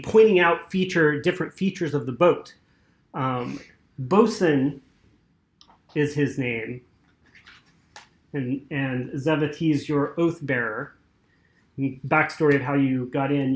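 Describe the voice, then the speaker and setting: Man game master, halting and apologetic, mid pitch, roomy echo. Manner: hesitant, many fillers and apologies. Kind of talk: narrating a tabletop game.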